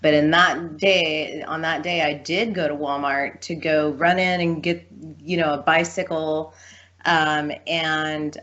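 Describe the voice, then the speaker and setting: A woman talking casually as a guest, telling a lively story and acting out the people in it. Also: sits low, takes it slowly. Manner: animated storyteller, acts out quoted voices. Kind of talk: casual chat. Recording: dull lo-fi sound.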